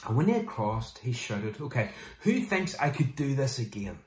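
Male pastor, mid-pitched, animated conversational preaching in a roomy, echoey space. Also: normal speed. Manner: animated, mimics people in quoted asides. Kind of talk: sermon.

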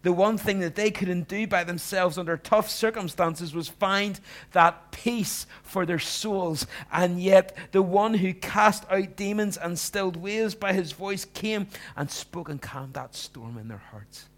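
A man preaching a sermon, acting out the disciples and moving between hushed lines and loud ones. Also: sits high, a little slow. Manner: animated, acts out the disciples' voices, swings from hushed to loud. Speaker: pastor.

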